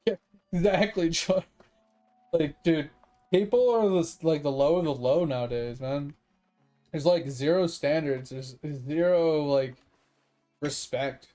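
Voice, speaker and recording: A man streaming a game, talking loosely to his chat in a mellow, slightly raised voice. He rambles from story to story, swearing often and laughing along the way. Faint music plays quietly under his talk. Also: on the high side, measured pace, long pauses. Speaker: gaming streamer. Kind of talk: casual chat with stream viewers.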